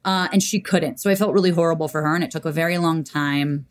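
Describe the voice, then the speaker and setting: A woman's voice: low-pitched, fast. A young woman on a podcast, telling a personal story in casual chat and acting out the quotes. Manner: animated, acts out quotes. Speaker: podcast guest.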